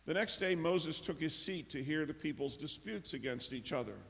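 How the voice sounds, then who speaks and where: A man preaching a sermon as pastor, telling stories and acting out the characters' lines with lively emphasis. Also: a little high, moderate pace, vocal fry. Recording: long reverb of a large hall.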